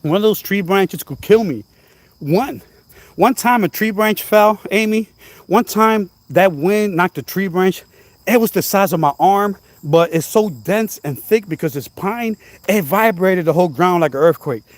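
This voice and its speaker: A man vlogging outdoors at night, telling a story in an animated, repetitive, exclaiming way, now and then coughing. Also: high voice, a little slow, no room sound. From New Jersey. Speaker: channel host. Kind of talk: casual storytelling vlog.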